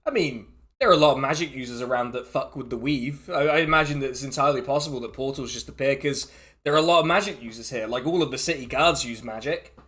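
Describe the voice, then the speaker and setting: A man's voice: mid-range voice, fast talker, bright, forceful tone. An English man narrating as dungeon master in a laid-back way, laughing often. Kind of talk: narrating a tabletop game.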